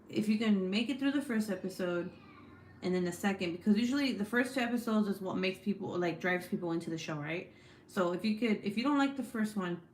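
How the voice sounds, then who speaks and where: A woman in her forties runs a casual livestream, chatting with viewers, reading out their comments and swearing freely. Her pitch is fairly low, and the sound is roomy with slight background noise.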